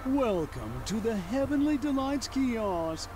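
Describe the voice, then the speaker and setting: Man doing a high chirpy kiosk clerk. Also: sing-song, slow pace, background noise, full character voice. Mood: chipper. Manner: polite, salesman-like. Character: cheery formal male kiosk clerk.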